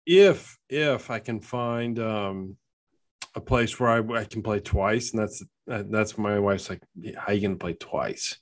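A man's voice: lowish voice, takes it slowly. A man co-hosting a casual chat, telling rambling stories and laughing often.

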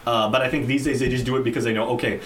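Male podcast co-host, animated casual talker, echoey room. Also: mid-range voice, rapid-fire, slight background noise. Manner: animated, acts out characters' lines. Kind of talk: casual movie review chat.

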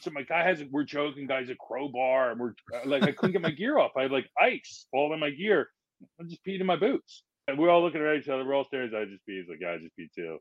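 Animated storytelling man, dull dry sound. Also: medium pitch, quick pace, hardly any pauses, dry recording. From Philadelphia. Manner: animated, acts out quotes in changing voices. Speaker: guest, firefighter. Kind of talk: casual storytelling in a podcast interview.

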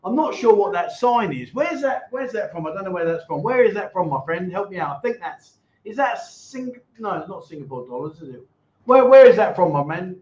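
A man's voice: high-pitched, sing-song, fairly quick, darkish tone. A man hosting a casual livestream chat show, reading out viewer donations and teasing his guests. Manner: jokey, teasing, repeats himself. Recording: echoey, dull livestream audio.

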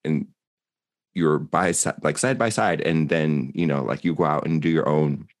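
A man's voice: a bass voice, normal speed, dry recording, studio quality. A young man co-hosting a casual chat, talking in a loose, rambling way. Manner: rambling, many fillers and restarts. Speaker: podcast co-host.

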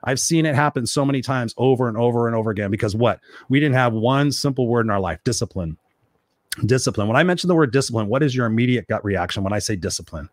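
Male motivational host, quick, blunt, profane, dry close sound; keeps hammering the same point. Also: mid-range voice, expressive, dry recording. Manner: blunt, profane and emphatic, repeating phrases for force. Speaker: live-stream host reading viewer comments. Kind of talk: motivational live-stream talk.

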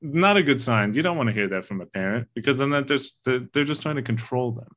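A man's voice: mid-range voice, quick pace, a bit bright. A man in casual podcast talk, animatedly retelling a film scene and quoting its lines, with the odd swear.

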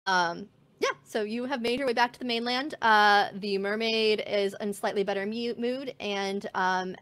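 A woman's voice: mid-range voice, a bit bright. A woman narrating as game master of a tabletop game, chatty and full of fillers. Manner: chatty, filler-heavy, laughs easily.

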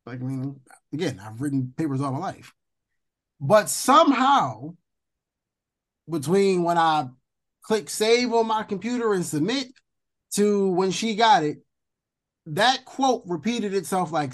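Animated, profane young man telling a story. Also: measured pace, long pauses. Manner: animated, profane, jumps high in pitch when indignant. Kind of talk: casual storytelling chat.

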